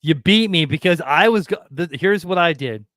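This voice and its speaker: A man's voice: fairly high pitch, lively intonation, normal speed, a bit bright, dry recording, clean studio sound. A man hosting a casual podcast, laid-back and encouraging toward his co-host.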